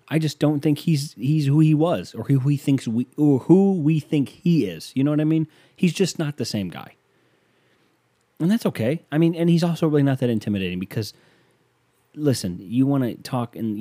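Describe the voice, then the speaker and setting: A man's voice: medium pitch, lively intonation, moderate pace, warm tone, no room sound. A man from the United States hosting a podcast, talking in a rambling, sarcastic monologue into a close mic. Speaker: podcast host.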